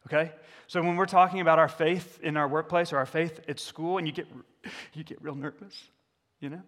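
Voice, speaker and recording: A man's voice: a little high, steady tone, a little fast, a bit bright. A man preaching a candid sermon as a pastor, putting questions to the congregation. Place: church sanctuary. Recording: echoey church hall.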